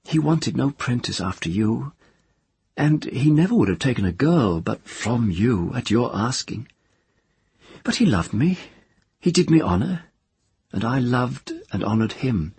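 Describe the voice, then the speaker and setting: A man's voice: medium pitch, big pitch swings, unhurried, a little mellow, breathy edge, no echo, voice pushed up, heavily acted. A man voicing an earnest, troubled middle-aged woman who pleads and falters.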